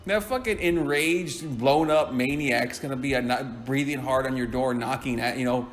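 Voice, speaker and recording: A man's voice: medium pitch, moderate pace, hardly any pauses. A man telling a story in a casual, rambling way, swearing and laughing often.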